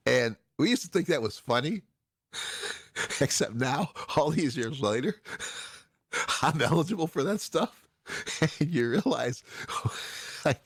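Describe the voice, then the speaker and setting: This host is a Chicago man in his sixties who tells stories casually, laughing a lot and frequently starting his sentences over. His voice is fairly high and slightly rough, his pace slow with frequent pauses, and the studio recording is clean with no echo.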